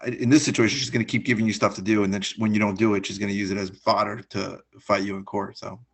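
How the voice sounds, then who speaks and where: A man with a lowish voice chimes in on a podcast with brief, dry remarks. He gives his co-host steady advice about a problem tenant, in a plain conversational tone. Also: fast, creaky, breathy edge. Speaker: podcast co-host, real estate investor. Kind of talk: casual chat.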